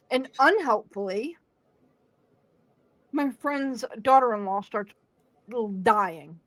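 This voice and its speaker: A woman's voice: on the high side, slow pace, pauses often, no room sound. A young adult woman hosting a podcast, telling a story in casual chat, acting out quotes and laughing along. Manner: animated, acts out quotes with laughs.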